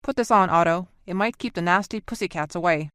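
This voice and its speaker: A woman reading the part of a male marine commander who gives clipped, crisp orders in an audiobook. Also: lowish voice, brisk, a bit bright, no echo, clean studio sound, natural voice. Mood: brisk.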